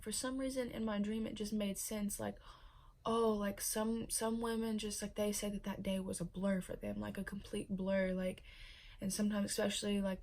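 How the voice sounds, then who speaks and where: A woman's voice: mid-range voice, darkish tone. A young pregnant woman chatting casually in a vlog, emotional and full of fillers. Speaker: vlogger.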